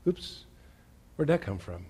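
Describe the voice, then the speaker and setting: A man preaching a sermon to a church congregation, asking listeners rhetorical questions and swinging between loud emphasis and quiet asides. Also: lowish voice, big pitch swings, measured pace, slightly rough. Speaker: pastor.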